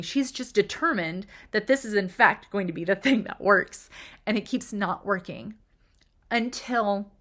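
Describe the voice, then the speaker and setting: A woman hosting a video, talking casually and emotionally through a film's plot, with her voice rising sharply when she gets excited and dropping into whispered asides. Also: moderate pace. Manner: chatty and emotional, pitch jumps up when excited. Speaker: video host analyzing film characters. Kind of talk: casual analytical monologue.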